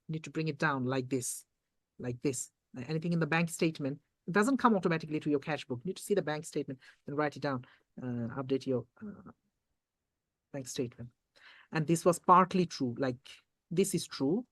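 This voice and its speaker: An accounting tutor giving an exam revision lecture, reading questions aloud slowly and quizzing students with repeated points. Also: medium pitch, no room sound, studio quality.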